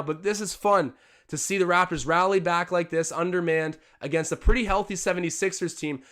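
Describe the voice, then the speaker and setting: A young man streaming live commentary on a basketball game from home, his voice sitting a touch higher than most men's. He gets excitable, jumping up in pitch and loudness when a big play happens, then settles back into casual chat. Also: brisk. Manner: excitable, jumps up in pitch and volume on big plays. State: out of breath. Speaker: livestream host doing game commentary. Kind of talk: live sports watch-along commentary.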